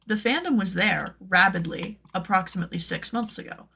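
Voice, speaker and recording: Chatty cosplay streamer lady, lots of "like", bit of creak in her voice. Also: a little fast, few pauses, sharp tone. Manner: chatty, rambling, full of "like"; playful, jumps into high silly tones. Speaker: cosplay pattern maker and streamer. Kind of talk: casual stream chat.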